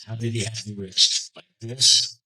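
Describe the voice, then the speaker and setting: A man questioning a witness in court as defense attorney, with measured, probing questions. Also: lowish voice, fairly even intonation, pushed and bright, poor audio.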